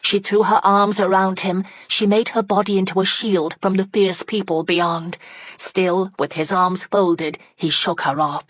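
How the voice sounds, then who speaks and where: A woman narrating an audiobook in a steady, dramatic storytelling manner on a close microphone. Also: mid-range voice, unhurried, no echo. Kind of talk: scripted narration.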